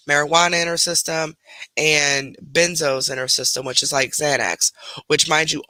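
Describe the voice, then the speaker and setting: Guy ranting over a clip, sarcastic, bright voice, dry close mic. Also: on the high side, no echo. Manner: scornful, sarcastic. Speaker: commentator. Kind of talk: reaction commentary.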